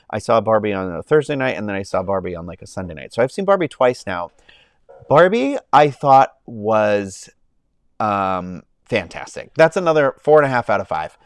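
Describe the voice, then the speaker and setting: Young man, casual streamer, smooth and clear, dry close-mic sound, rambly and effusive. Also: on the low side, no echo. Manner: rambling, many fillers and restarts, gushing. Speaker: movie review livestream host. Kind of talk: casual chat. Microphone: own microphone, close.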